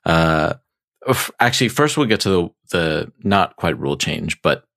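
A man's voice: low voice, animated, normal speed, creaky, fairly bright tone. A young man co-hosting a podcast, talking in casual chat with a hesitant, hedging manner. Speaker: podcast co-host.

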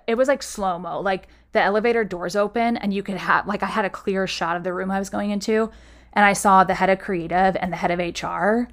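Chatty young woman telling a story. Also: medium pitch. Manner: chatty, full of "like" fillers, acts out quoted dialogue. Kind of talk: casual storytelling chat.

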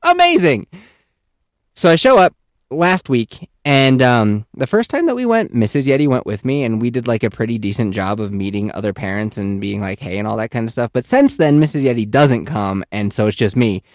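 A man in his thirties tells a rambling personal story as a podcast host, casual and animated, dropping swear words and breaking into little character voices. His pitch swoops up and down freely as he talks. The sound is close and dry, with no room echo. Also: brisk, hardly any pauses.

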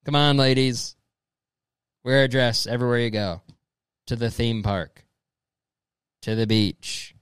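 Unhurried and with long pauses, a young man reads messages aloud for casual comedic commentary in a medium-pitched, clear, resonant, slightly bright voice with fairly even intonation. He's profane and rambling, says "dude" constantly, and slips into exaggerated mocking voices, on a dry recording.

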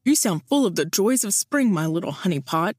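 A woman's voice: sing-song, a little fast, darkish tone, no room sound, clean studio sound. A woman voicing a silky, teasing charmer. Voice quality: low, silky and smooth.

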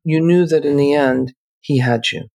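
Calm gravelly-voiced woman therapist. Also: deep voice. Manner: calm, measured, slows down to stress points. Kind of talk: reflective podcast conversation.

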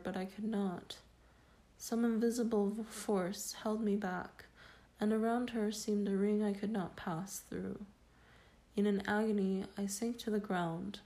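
A woman reading a first-person story aloud in a slow, solemn and measured way. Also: medium pitch, mellow. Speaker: reader. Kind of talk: dramatic audiobook narration.

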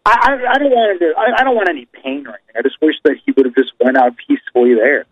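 A man's voice: on the high side, racing, no echo. A man co-hosting a podcast, talking bluntly with plenty of profanity and emphasis. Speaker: podcast co-host. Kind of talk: casual chat. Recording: dry, slightly dull lo-fi.

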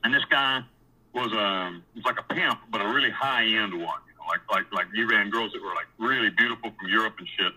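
A man's voice: fairly low pitch, fairly quick, breathy edge, rough recording. A man telling his own story in a casual, rambling way, with blunt and profane words and many restarts and repeated words. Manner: animated when recounting scenes.

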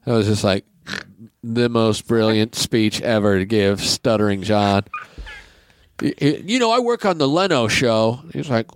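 A man's voice: lowish voice, lively intonation, measured pace, no room sound. A man talking as a podcast guest in casual chat, blunt and sardonic, acting out quotes in his stories. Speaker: comedian guest.

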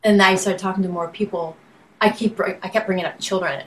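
A woman's voice: medium pitch, fairly even intonation, brisk, slight background noise, low-quality recording. Chatty laughing woman songwriter guest. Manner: rambling, laughs often, restarts sentences. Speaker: singer-songwriter and benefit auctioneer guest. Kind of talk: casual interview chat.

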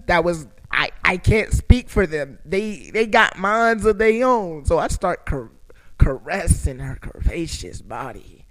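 A man's voice: a little high, no echo. A young man casually telling a crude, comedic personal story, swearing freely and acting out what people said in big voice swings. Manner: animated, profane, acts out quotes in big voice swings. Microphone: own recording setup.

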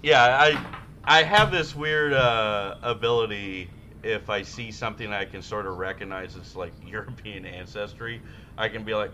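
A man's voice: fairly low pitch, steady tone, moderate pace, noisy background. A man co-hosting a podcast, telling profane, rambling stories in casual chat. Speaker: podcast co-host.

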